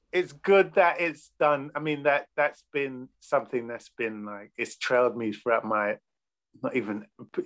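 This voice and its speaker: A man's voice: mid-range voice, fairly bright tone. A man in casual podcast chat about films, talking in a loose, profane, enthusiastic way. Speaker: podcast panelist.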